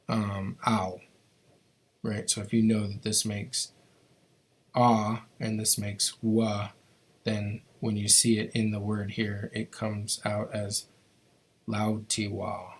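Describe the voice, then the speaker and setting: A man teaching a live online language class, explaining sounds patiently and step by step. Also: medium pitch.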